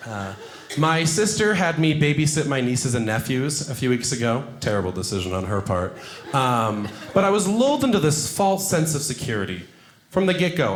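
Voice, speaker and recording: A young man doing a stand-up comedy set, self-deprecating and animated, jumping into high put-on voices for quotes. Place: comedy club stage before a laughing audience. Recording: roomy club sound, audience laughter.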